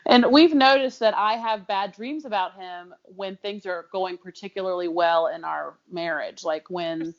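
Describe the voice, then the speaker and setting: A woman's voice: medium pitch, measured pace, few pauses, highs cut off. A woman co-hosting a podcast in casual chat, chatty and teasing, laughing often. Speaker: podcast co-host.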